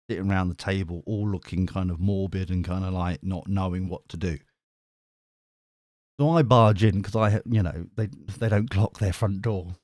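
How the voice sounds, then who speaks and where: On a live stream, a middle-aged man who reads tarot tells a rambling story full of restarts and casual swearing. His voice is deep and darkish, recorded at studio quality with no room sound.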